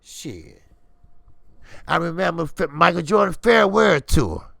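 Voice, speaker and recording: Guy on a boxing stream, real gravelly, high bright voice, cussing a lot. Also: a little slow, dry recording, studio quality. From Chicago. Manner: profane, animated, repeats words. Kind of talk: ranting commentary.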